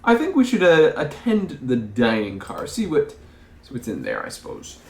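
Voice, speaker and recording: A man's voice: medium pitch, wildly swooping pitch, moderate pace, gravelly, echoey room. A man playing a story game, reading its text aloud and musing over his choices, often stumbling over words. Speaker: let's play host.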